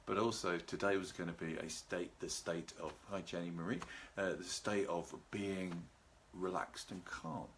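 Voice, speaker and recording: Deep-voiced man hosting a calm talk. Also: a little hiss or hum. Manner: calm, unhurried, greets live viewers by name. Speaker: seminar host. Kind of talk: live video talk on relaxation. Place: at home with a garden behind.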